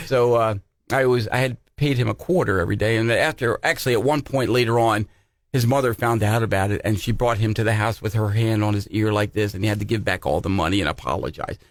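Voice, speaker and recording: A man's voice: medium pitch, no echo, clean studio sound. A man from Connecticut, co-hosting a podcast and telling a self-deprecating story in casual chat. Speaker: podcast co-host.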